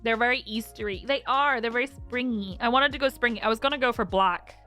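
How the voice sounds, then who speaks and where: A woman's voice: on the high side, fast talker, sharp tone, soft background music. A woman streamer chatting casually with her audience, emotional and close to tears, laughing often as she reads chat aloud. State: teary, close to crying.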